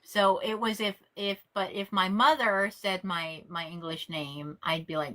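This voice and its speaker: A woman's voice: medium pitch, fairly even intonation, unhurried, bright, forceful tone. A woman who is a rabbi, chatting on a live call-in stream with blunt, sarcastic, profane remarks.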